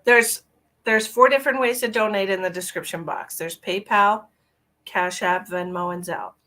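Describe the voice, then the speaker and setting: A woman's voice: mid-range voice, moderate pace, bright, forceful tone. A woman, a psychic medium, chatting casually on her live stream, greeting viewers by name and rambling through small talk.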